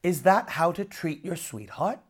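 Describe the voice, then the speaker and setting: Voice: medium pitch, very animated, measured pace, husky. A storyteller voicing a bold, cheerful young woodsman who declares and teases heartily in a storybook reading. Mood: hearty.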